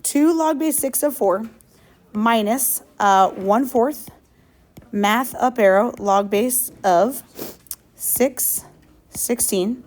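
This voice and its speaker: A woman teaching a math class, upbeat and quick, calling out questions to her students. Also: on the high side, a little mellow. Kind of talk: classroom lesson.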